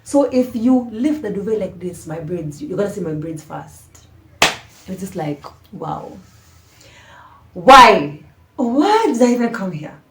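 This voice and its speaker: A woman vlogger telling a storytime tale to camera in a casual, slangy way, dramatic and animated, dropping into hushed asides. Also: mid-range voice, a little slow, background noise. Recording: roomy echo.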